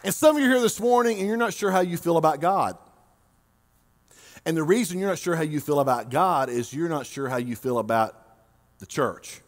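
A man from Oklahoma preaches a sermon as lead pastor, his voice pitched high for a man. He jokes freely and stretches words out for emphasis. He swings from loud bursts to near-murmured asides. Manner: animated, joking, swings between loud and quiet, drawn-out emphasis.

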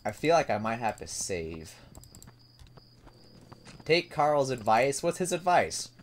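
A gaming video host gives laid-back let's-play commentary on a dating sim, reading the visual novel, chuckling, and talking to his viewers. His mid-range voice is very animated but slow-paced, with a little hiss or hum in the recording.

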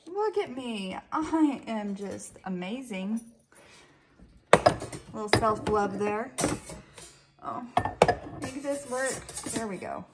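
Heavy background noise surrounds a woman's slightly high voice in this casual vlog chat. She's middle-aged, filming in her home kitchen, and jokes at her own expense while chatting to viewers and pets alike.

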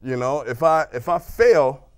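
Life coach guy on a local tv show, kinda stop-start, repeats himself a lot then hits a strong line, normal pitch. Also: lively intonation. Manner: halting, repeats words, then lands firm lines. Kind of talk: motivational studio chat. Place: local TV studio.

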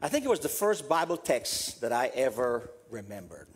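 A man from South America preaching a funeral sermon as pastor, repeating a refrain softly and building to emphatic passages. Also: big pitch swings, moderate pace, breathy edge. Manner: repeats a refrain, dropping to a soft low voice.

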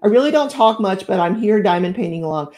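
A middle-aged woman hosts a crafting livestream, speaking quickly in an animated, medium-pitched, slightly mellow voice. She chats effusively and greets viewers with plenty of exclamations.

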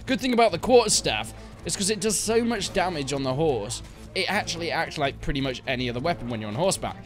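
A young man giving jokey, excitable commentary while playing a video game. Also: fairly high pitch, fast talker, faint music behind. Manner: excitable, jokey, yelps and laughs at the action. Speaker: gaming YouTuber. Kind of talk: live gameplay commentary.

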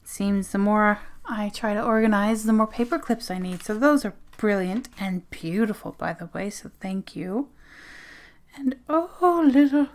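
A woman's voice: mid-range voice, lively intonation, a little slow. Giggly, gushing woman opening mail. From Australia. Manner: gushing, giggly, drifts into whispers. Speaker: zine vlogger. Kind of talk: casual unboxing chat. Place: home desk. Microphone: phone camera.

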